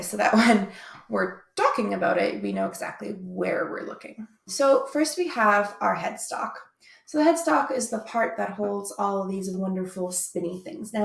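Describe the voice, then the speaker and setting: A woman's voice: mid-range voice, big pitch swings, fairly quick, creaky, reverberant. A young woman teaching an online music lesson in an upbeat, chatty way. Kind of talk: recorded video lesson.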